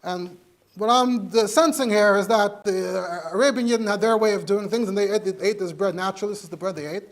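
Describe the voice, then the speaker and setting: Fairly quick and high-pitched, a rabbi delivers an English halacha class. He lays out the sources methodically and uses Hebrew and Yiddish terms throughout the Torah lecture.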